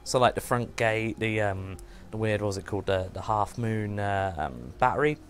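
A man's voice: lowish voice, moderate pace, faint music behind. Rambling man hosting a stream. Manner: rambling, trailing off and restarting. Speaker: livestream host. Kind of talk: casual gameplay chat.

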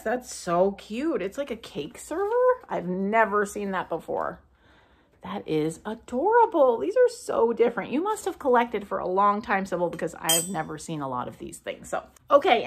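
A woman talking in a casual vlog, her voice jumping all over the place as she gushes and exclaims over little finds. It is an easy, chatty way of talking, full of delight at each new thing. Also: mid-range voice. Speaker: thrift vlogger.

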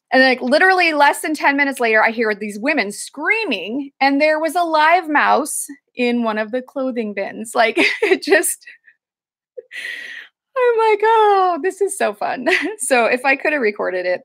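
A woman's voice: on the high side, a bit bright. A woman chatting casually through a thrift haul video, rambling with lots of fillers and restarts. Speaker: thrift reseller vlogger.

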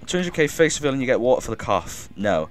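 Speaking fast at a medium pitch, this man streams a game live, reading viewer messages aloud and excitedly thanking people. Every so often he coughs like he's unwell, and faint music plays behind him.

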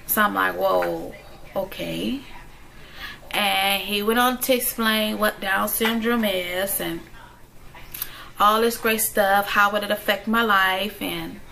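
A woman's voice: medium pitch, fairly even intonation, a little slow, vocal fry, bright, forceful tone, a little hiss or hum, poor audio. A woman, a mother, telling a personal story in a direct, emphatic way, often checking in with her viewers. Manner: emphatic, direct, keeps asking "okay?". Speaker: vlogger, stay-at-home mom. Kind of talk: storytime vlog.

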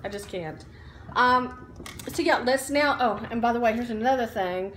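A woman's voice: fairly high pitch, normal speed, fairly bright tone, echoey room, a little hiss or hum. A woman chatting casually in a home haul vlog, upbeat, with lots of ums and likes. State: out of breath while standing. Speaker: vlogger. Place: room at home.

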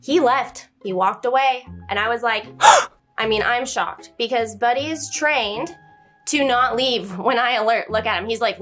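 Chatty young woman, higher voice. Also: moderate pace, faint music behind. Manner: chatty and animated, talks to her dog between story bits. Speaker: vlogger telling a story about her service dog. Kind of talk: casual storytelling vlog.

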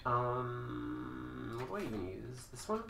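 A young man rambling and joking as he streams a game, now and then breaking into sudden loud outbursts. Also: medium pitch, lively intonation, takes it slowly, vocal fry. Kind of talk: casual live-stream commentary. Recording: echoey room with faint noise.

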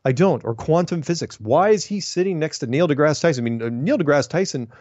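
A man's voice: a little high, expressive, brisk, darkish tone, dry recording. A man hosting a casual monologue, reading viewer emails aloud and ranting in a chatty, opinionated way with frequent restarts. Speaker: host answering viewer mail. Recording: dull lo-fi sound, dry.

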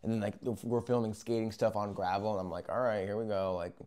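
Young man, casual rambling story, animated retelling, slightly low voice. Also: fast, smooth. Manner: rambling, animated, acts out moments with yells and whispers. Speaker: vlogger.

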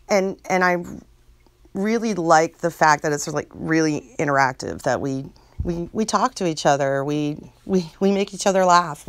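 A woman's voice: on the low side, no echo. A woman who hosts a channel, chatting casually to her viewers in a rambling way and laughing often. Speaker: channel host.

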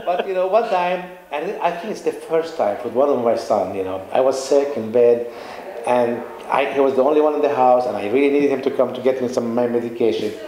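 Man, chatty, many fillers, mid pitch, echoey room. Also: brisk, dark tone, a little hiss or hum. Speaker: guest speaker. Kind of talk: conversational talk.

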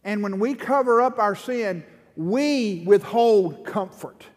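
A middle-aged man preaching with passion, his high voice carrying through a long hall echo. He explains a passage and then presses the point with growing urgency, as a pastor does in a church. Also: expressive, slow pace. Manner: impassioned, rising to fervent pleading in prayer. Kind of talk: sermon.

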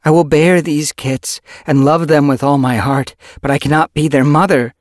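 A man's voice: a little high, steady tone, moderate pace, dry recording, clean studio sound, pitched above the performer's own voice, natural voice. A man voicing a young female medicine cat, speaking with strained emotion and pleading. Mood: resolute.

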